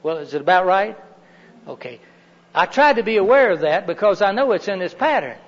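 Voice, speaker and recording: A man's voice: high-pitched, big pitch swings, a little fast. Folksy middle-aged man lecturing in a hall. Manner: folksy, chatty, asks the audience questions. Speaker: workshop lecturer. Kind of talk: live talk to an audience. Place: meeting room with windows and a heater. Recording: dull reverberant room recording.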